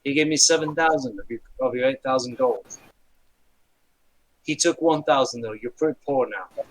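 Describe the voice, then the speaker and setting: A man narrating as game master of a tabletop game, relaxed and often pausing with fillers. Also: mid-range voice, poor audio. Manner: relaxed, hesitant with fillers, slips into quick character voices.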